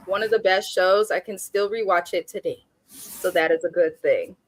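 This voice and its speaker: A woman's voice: fairly low pitch, normal speed, slightly rough, dry recording. A woman from Oakland, California talks through a reality TV episode in a casual, blunt and sassy way. She sounds opinionated and unfiltered. The recording is dry, with almost no room sound. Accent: African American Vernacular English speaker from Oakland. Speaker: reality TV review host. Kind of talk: casual recap commentary.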